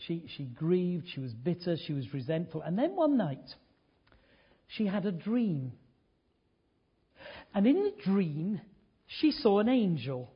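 An older man preaching a sermon, telling a story earnestly, dropping to hushed tones and rising to emphatic points. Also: a little high, breathy edge, dull audio.

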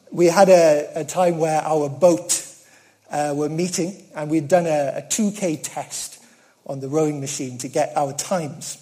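A man preaching a sermon in an earnest, conversational way, with self-deprecating humor and swings from loud emphasis to hushed asides. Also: fairly high pitch.

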